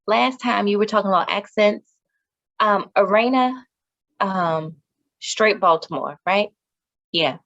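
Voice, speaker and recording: A woman co-hosting a casual chat show, measured and reasoning, often putting questions to her partner. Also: medium pitch, fairly bright tone, highs cut off. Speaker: podcast co-host.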